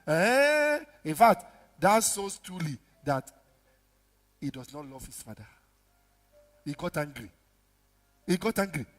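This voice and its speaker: A pastor preaching a sermon, acting out dialogue with sudden shouts and low mutters. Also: male voice, slow, pauses often. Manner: animated preaching, acts out dialogue, big swings from shouts to mutters. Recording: reverberant hall with music behind.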